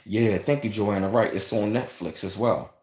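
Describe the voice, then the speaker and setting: Livestream host, male, lowish voice, loose rambling chat, roomy echo. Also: normal speed, darkish tone. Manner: rambling, conversational, repeats phrases, reads and thanks viewers. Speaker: channel host reading live chat.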